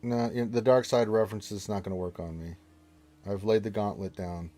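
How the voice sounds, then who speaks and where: A man with a somewhat low voice chats casually on a live game stream. He reads viewers' messages aloud and answers them, ribbing the chat with mock-stern, playful teasing. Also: steady tone, fairly quick, dark tone.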